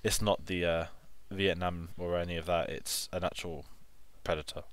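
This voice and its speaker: A man co-hosting a casual film review, talking in a relaxed, rambling way with lots of "like" and "kind of". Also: low voice, moderate pace, no room sound.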